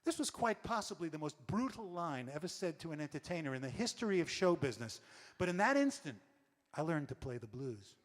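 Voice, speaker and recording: Brief: wry storyteller man, slightly high voice, on a reverberant stage. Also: brisk. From New York. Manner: animated, wry. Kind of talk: comic stage monologue.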